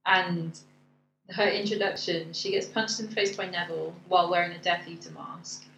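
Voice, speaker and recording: A woman's voice: lowish voice, fairly even intonation, normal speed, a bit bright, highs cut off. A woman co-hosting a podcast, recapping the plot and agreeing readily. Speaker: podcast co-host. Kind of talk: casual chat reviewing a musical. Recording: echoey room with faint noise.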